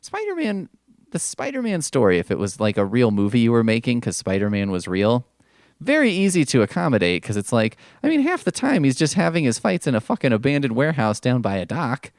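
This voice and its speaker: A man hosting a podcast, giving a casual comic recap with profane, sarcastic asides and quick mock voices. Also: medium pitch, big pitch swings, no echo, clean studio sound. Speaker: podcast host.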